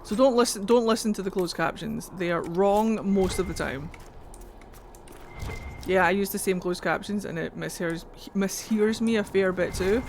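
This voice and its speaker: A woman's voice: mid-range voice, normal speed, slight background noise. A Scottish woman chatting and joking playfully while she streams a video game, swearing now and then. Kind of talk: casual game commentary.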